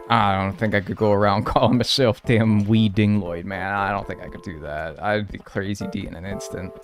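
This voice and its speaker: A young man streaming a game live, talking to his viewers with playful mock outrage and a lot of swearing. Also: lowish voice.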